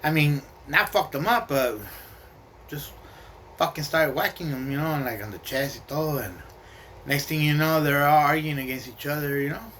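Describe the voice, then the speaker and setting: A man's voice: fairly high pitch, moderate pace, fairly bright tone, a little hiss or hum. A man telling a personal story casually, streetwise and profane, with slang and Spanish words mixed in.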